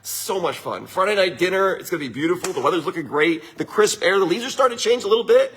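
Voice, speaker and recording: A man's voice: high voice, animated, quick pace, fairly bright tone, slight background noise. A middle-aged man, a winery owner, giving a casual motivational talk to viewers in an upbeat, chatty way, often tagging his lines with a question. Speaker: winery owner hosting a livestream.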